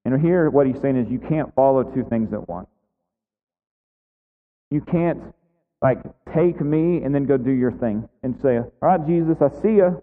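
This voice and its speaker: A man's voice: mid-range voice, a little slow, long pauses. A man preaching a conversational sermon as a pastor, full of casual fillers. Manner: conversational, many "like" and "right" fillers. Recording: echoey hall, tinny phone-like sound.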